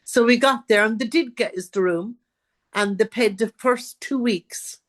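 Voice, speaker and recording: A woman's voice: a little high, a little slow. An Irish woman, a guest author, telling her own life story in an interview and acting out what others said. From Ireland.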